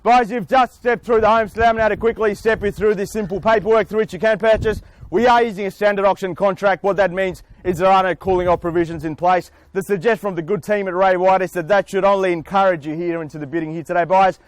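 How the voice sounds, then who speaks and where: A man, an auctioneer, speaking outdoors in front of a house with booming salesman patter and long theatrical pauses. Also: steady tone, dry recording. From Australia. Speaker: real estate auctioneer.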